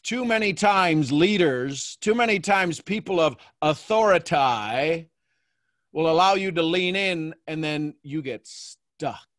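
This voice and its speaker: A man hosting a coaching call, talking in a playful, animated way and acting out little quotes. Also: on the high side, slow pace, no room sound, studio quality. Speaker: host and mentor.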